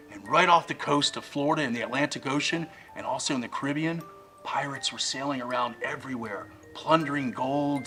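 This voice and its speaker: Guy telling a spooky story, kinda high voice, hushes then gets loud, music playing behind. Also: poor audio. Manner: dramatic, swings between hushed and loud. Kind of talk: spooky campfire-style storytelling.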